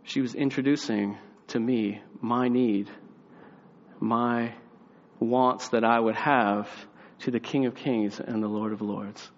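A young man preaching a sermon, telling a family story with lively acted-out voices and sliding into quiet, earnest reflection. His voice sits at an ordinary pitch, sounds slightly muffled, and rings out in a big reverberant hall. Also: slow pace.

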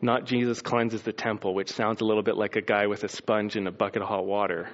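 Animated preacher man, lo-fi sound. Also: fairly low pitch, fairly quick. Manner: animated storytelling, acts out scenes with sound effects. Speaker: pastor. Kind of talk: sermon.

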